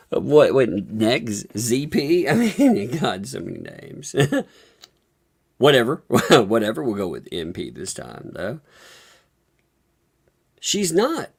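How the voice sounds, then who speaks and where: A woman's voice: rumbling low, wildly swooping pitch, very slow, vocal fry, long pauses, warm tone, slightly rough. A woman hosting a live stream, giving casual, amused and mocking gossip commentary. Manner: amused, mocking, laughing often. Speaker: livestream host.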